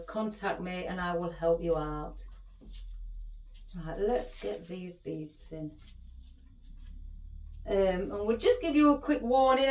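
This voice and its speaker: A middle-aged woman chatting as she hosts a craft tutorial, rambling and affectionate toward her viewers. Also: mid-range voice. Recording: echoey room.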